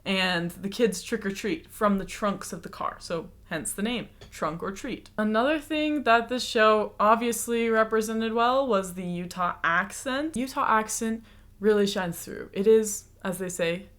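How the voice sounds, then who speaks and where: With a medium-pitched, fairly bright voice and a slightly slow pace, a US woman runs a reaction video. She explains things chattily in casual commentary, adding a lightly sarcastic edge.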